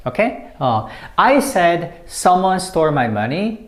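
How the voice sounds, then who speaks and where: A woman teaching English, explaining word meanings slowly and patiently, repeating the key phrases. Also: low-pitched, big pitch swings, echoey room. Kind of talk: explaining English usage to learners.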